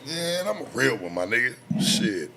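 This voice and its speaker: A man in his thirties hosts a late night talk show, ranting casually, boastfully and defensively with heavy slang and swearing. His medium-pitched voice is sing-song at normal speed, pushed and bright with vocal fry, over slight background noise.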